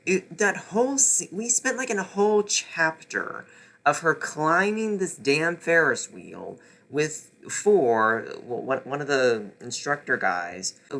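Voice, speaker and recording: A man's voice: medium pitch, a bit bright. A man ranting sarcastically through a casual book review vlog, exasperated and swearing.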